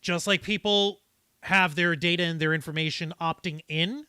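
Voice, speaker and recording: A man's voice: on the high side, fairly even intonation, normal speed, bright, forceful tone, clear, resonant tone, no room sound. A man hosting a casual livestream discussion, explaining things at length with fillers and restarts. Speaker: livestream host.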